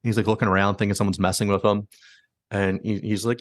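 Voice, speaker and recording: A man's voice: lowish voice, little pitch movement, fast, no room sound, studio quality. A man hosting a podcast, casually retelling stories with many likes and quoted asides. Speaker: podcast host. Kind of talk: casual storytelling.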